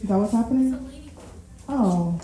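A woman's voice: mid-range voice, a little slow, a crowd in the background. Woman preaching in a very echoey room. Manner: chatty, addresses the audience as y'all; laughs at herself often. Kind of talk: casual conversational sermon.

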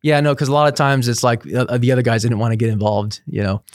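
A man's voice: medium pitch, fast talker, dry recording, studio quality. A middle-aged man, a priest, telling stories in a casual interview, chatty, laughing often and restarting his sentences. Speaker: priest guest.

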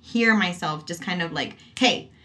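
A young woman speaking as a mother in a relaxed, conversational chat. She tells her stories with animated energy and breaks into laughter often. Her voice sits in an ordinary middle pitch. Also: moderate pace. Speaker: mother on a parenting talk show.

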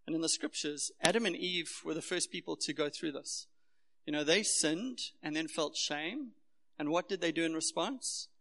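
Gravelly South African man preaching. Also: fairly high pitch, normal speed, fairly bright tone, a little hiss or hum. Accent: South African, Durban. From Durban, South Africa. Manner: earnest, personal, conversational preaching. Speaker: pastor. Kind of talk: sermon. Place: church hall. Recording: echoey hall.

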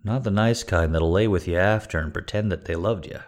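A man with a low-pitched, slightly fast voice hosts a livestream, reading requests for patrons. He rambles casually, joking and swearing a lot as he thanks supporters.

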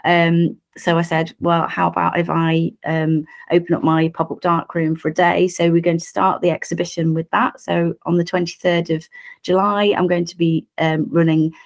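A woman with a croaky voice, chatting casually as a photographer full of ums. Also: lowish voice, little pitch movement, moderate pace. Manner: lots of ums, rambling. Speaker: podcast guest photographer. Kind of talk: casual chat.

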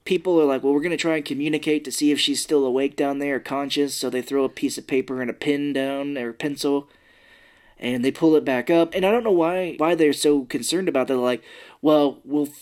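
A man's voice: on the high side, fairly even intonation, a little fast, a little mellow. Casual man recapping a movie. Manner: retells scenes, acting out characters' lines. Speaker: podcast co-host.

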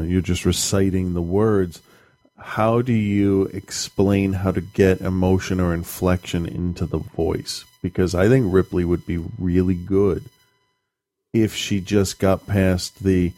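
Low, mellow-voiced man chatting casually. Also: a little slow. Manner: rambling, animated storytelling with profanity. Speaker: podcast co-host, parent. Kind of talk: casual chat.

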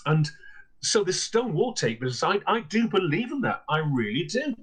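A man's voice: high-pitched, big pitch swings, slightly rough. Theatrical storyteller man. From Lancashire, England. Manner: measured, theatrical storyteller with repeated words and fillers. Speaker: guest storyteller and paranormal historian. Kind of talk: podcast storytelling.

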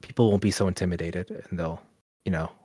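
A man's voice: low voice, steady tone, fast talker, mellow, husky, dry recording, clean studio sound. A man, co-hosting a podcast and telling a long casual story full of fillers and quoted asides. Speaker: podcast co-host.

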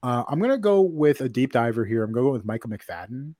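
Male podcast co-host, loose filler-heavy chat, mid pitch, dry booth sound. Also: sing-song, fast, dark tone, dry recording. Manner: rambling, filler-heavy, self-correcting. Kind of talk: casual sports chat.

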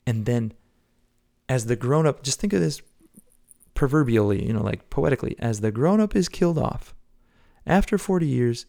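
A man preaching a devotional podcast sermon, earnest, swinging between loud exhortation and hushed whispers. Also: medium pitch, gravelly.

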